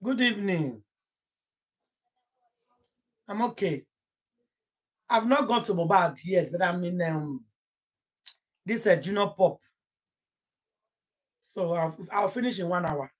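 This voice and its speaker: A woman's voice: fairly low pitch, animated, slow pace, pauses often, breathy edge. A young Nigerian woman hosting a casual gossip livestream, rambling and emotional, slipping Pidgin into her English. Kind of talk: casual live-stream chat.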